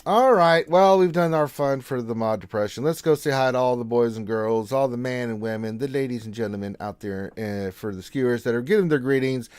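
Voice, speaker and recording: A man hosting a casual gaming livestream, reading out viewer greetings and answering them in a relaxed, chatty way. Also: mid-range voice, a little fast, hardly any pauses, smooth, no room sound. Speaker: game streamer host.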